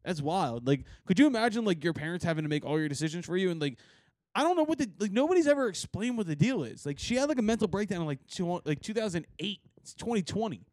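Man, podcast host, high voice, dry studio sound, laughs a lot, swears. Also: sing-song, fast talker, darkish tone, dry recording. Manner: rambling storyteller, laughs often, swears. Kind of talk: casual podcast chat. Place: rehearsal studio.

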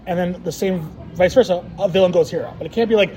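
A man's voice: sits high, fast, dark tone, low-quality recording. A man co-hosting a casual podcast, teasing his friend and rambling with many restarts over a card game. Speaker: podcast co-host.

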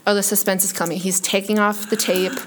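A woman in her late twenties, a high school teacher, chatting casually on a podcast in a classroom, peppering her talk with "like.". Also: little pitch movement, a little fast, background noise. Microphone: headphone microphone.

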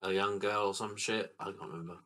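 Deep bright-voiced laid-back man. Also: fairly even intonation, a little fast. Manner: laid-back, unsure, casual. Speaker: podcast co-host. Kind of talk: casual film-discussion podcast.

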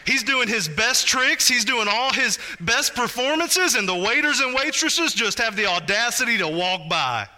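Male pastor, thirties, high bright voice, animated conversational sermon. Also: normal speed, hardly any pauses. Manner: animated, conversational preaching with asides to the congregation.

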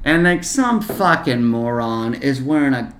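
A man's voice: medium pitch, lively intonation, unhurried, slight background noise. A young man co-hosting a podcast, telling stories in casual chat with sarcasm and swearing. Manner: sarcastic, loud mocking heckler voices in stories, swearing. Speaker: podcast co-host. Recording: roomy echo.

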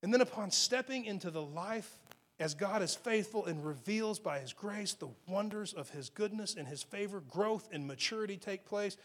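A man with a fairly high voice delivers a sermon from the pulpit. He presses key phrases hard and loud, then drops to quiet, softened lines to let a point land. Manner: preaching with swings between loud emphasis and hushed, soft delivery. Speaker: pastor.

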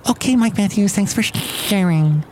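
A man putting on a prim high-voiced shop lady. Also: normal speed, darkish tone, slight background noise, natural voice. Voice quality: high, formal, says full names. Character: prim female gift shop supervisor.

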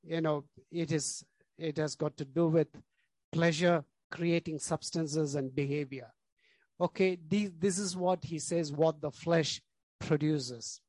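A man's voice: a little high, steady tone, unhurried, a little mellow, no room sound. A male pastor preaching a sermon, stressing key words, repeating lists and leaning on "you know".

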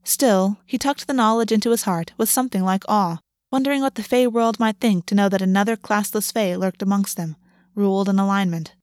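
A woman narrating a fantasy novel in an even, measured reading. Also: medium pitch, dry recording, studio quality. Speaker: audiobook narrator.

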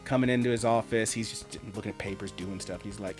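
A man co-hosting a podcast, telling a story in casual chat, animated and swearing freely. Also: fairly low pitch, fast talker, music in the background. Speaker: podcast co-host.

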